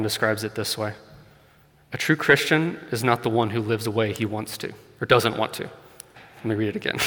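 A man's voice: mid-range voice, fairly bright tone. A man preaching a sermon in an earnest, conversational way, building to emphatic points. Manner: earnest, conversational with light laughs, rising emphasis on key points. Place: church hall. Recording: long hall reverb.

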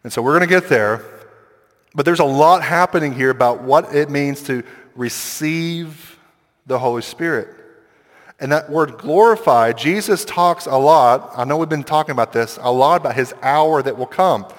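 A man preaching a sermon as pastor, talking in a conversational, animated way with quick asides and acted-out quotes. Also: on the high side. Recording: long hall reverb.

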